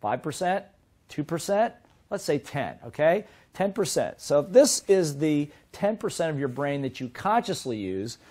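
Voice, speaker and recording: A middle-aged man teaching a seminar as a business trainer, in a lively way that keeps asking the audience questions. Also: a little high. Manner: lively, asks the audience many rhetorical questions.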